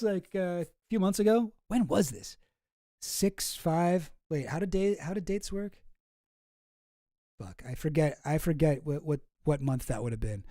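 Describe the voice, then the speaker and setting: A man hosting a casual commentary stream, rambling, sarcastic and quick to swear. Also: high voice, mellow, no echo, studio quality. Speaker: streamer host.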